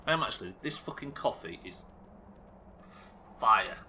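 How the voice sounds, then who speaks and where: Bright-voiced, joking streamer. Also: male voice, on the low side, expressive, normal speed, a little hiss or hum. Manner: swearing, joking asides to chat. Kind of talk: live gameplay commentary.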